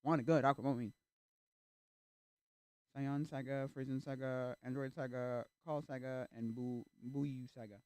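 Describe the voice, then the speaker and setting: A man streaming and chatting casually, animated and easily exasperated, acting out little reactions. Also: medium pitch, moderate pace, clear, resonant tone, dry recording. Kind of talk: casual chat.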